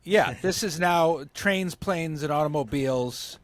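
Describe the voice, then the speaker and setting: A man co-hosting a podcast who listens with short backchannels and adds quick jokey comments in casual chat. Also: on the high side. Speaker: podcast co-host. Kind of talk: casual chat, reacting to a story.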